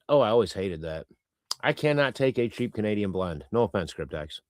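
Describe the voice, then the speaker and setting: A man's voice: lowish voice, expressive, fairly quick, no room sound. Guy streaming and reading chat, rambly and sweary, voice bounces up and down a lot, dry close mic. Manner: rambling, irreverent, swears casually. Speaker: live stream host. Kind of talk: casual chat reading viewer comments. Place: lives in Canada.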